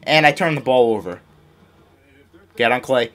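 A young man giving excitable live commentary on his own basketball video game, scolding his teammates and mocking himself. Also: medium pitch, normal speed. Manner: excitable, yells and laughs at big plays. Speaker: gaming YouTuber.

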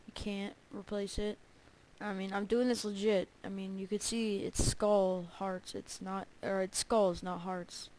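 A woman's voice: mid-range voice, level tone, a little slow, a little mellow, rough recording. A woman giving casual gameplay commentary, chatty and prone to bursts of panicked repeated cries. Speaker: let's play gamer.

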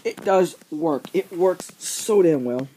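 A man's voice: a little high, expressive, slow pace, warm tone, a little hiss or hum. A teenage boy ranting casually on his vlog, profane and rambling, full of filler words. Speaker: vlogger.

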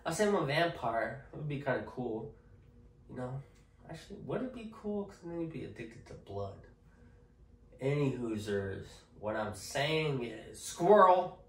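A man's voice: mid-range voice, animated, normal speed, recorded from a distance, slight background noise. A man chatting casually to camera in a joking, rambling way, often tagging lines with okay. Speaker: vlogger. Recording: echoey room, off-mic.

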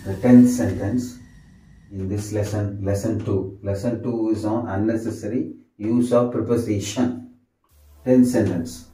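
A man's voice: on the low side, steady tone, dark tone, far from the mic. A man teaching English grammar, repeating each example sentence and answering himself with "yes". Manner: slow, repetitive, says sentences over and over. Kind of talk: grammar lesson. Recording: echoey room, voice set off from the mic, faint music.

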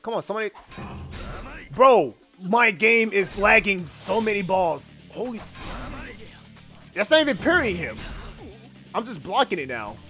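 Hyped up gamer guy cussing at lag, bright sharp voice, music low behind. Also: unhurried, long pauses. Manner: excitable, profane, reacting out loud. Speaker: gaming video host. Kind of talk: gaming commentary.

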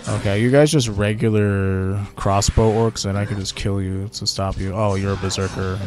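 A man hosting casual gameplay commentary, relaxed and chatty as he thinks aloud while playing. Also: lowish voice, normal speed. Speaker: gaming channel host.

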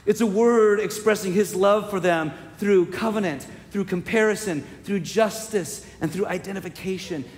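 A male pastor preaching a sermon, telling a personal story with deep emotion and building to emphatic, repeated declarations. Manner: slow, emotional storytelling with swelling emphatic repetition. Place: church sanctuary. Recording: long reverb of a church sanctuary.

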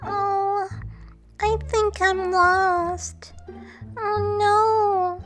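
A woman's voice: very high-pitched, flat delivery, extremely slow, fairly bright tone, faint music behind, heavily acted. A woman voicing a small lost girl doll who stammers through sobs, scared and alone. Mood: tearful. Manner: sobbing, stammering.

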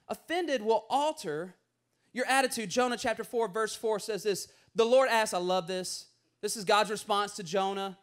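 A man preaching a sermon, animated and playful, acting out voices as he tells stories. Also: high-pitched, moderate pace. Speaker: pastor.

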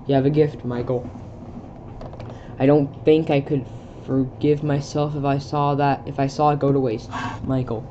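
Young person reading a movie script out loud, trips over words, mellow voice, muffled cheap mic. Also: mid-range voice, a little hiss or hum. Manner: reads stage directions aloud, stumbles, breaks off to comment in bewilderment. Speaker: video creator. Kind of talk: casual reading of a film script aloud.

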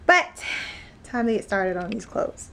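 A young pregnant woman chatting in a relaxed home vlog, laughing often and letting her words trail off softly. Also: mid-range voice, a little slow, gravelly, slight background noise. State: pregnant, awaiting labor. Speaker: vlogger. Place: home, indoors.

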